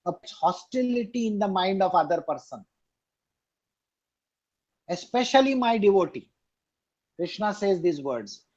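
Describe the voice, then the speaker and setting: Muffled over a video call, this spiritual teacher's voice sits high, a little mellow with a breathy edge. He delivers an emphatic discourse on scripture, repeating important lines and asking questions of the people listening.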